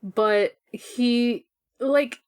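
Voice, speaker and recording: A woman's voice: on the high side, extremely slow, darkish tone, clear, resonant tone. A woman co-hosting an anime podcast, chatty and giggly, full of "like" and gushing over cute scenes. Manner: chatty and giggly, lots of fillers, gushes over cute moments. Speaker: podcast co-host. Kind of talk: casual chat about an anime episode.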